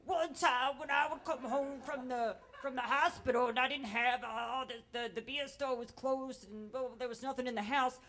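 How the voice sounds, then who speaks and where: Lady doing a smoky old haggard class host, brassy and bossy, kinda high. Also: fairly even intonation, moderate pace, hardly any pauses, a bit bright, a little hiss or hum. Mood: boastful.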